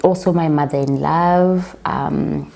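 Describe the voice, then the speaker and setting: A young woman with a South African accent tells a personal story straight to her viewers, slow and unhurried. Her voice sits a little low. She keeps calling them guys and acts out the people in her story. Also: vocal fry. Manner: chatty, animated retelling with quoted dialogue. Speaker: vlogger. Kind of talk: casual storytime chat.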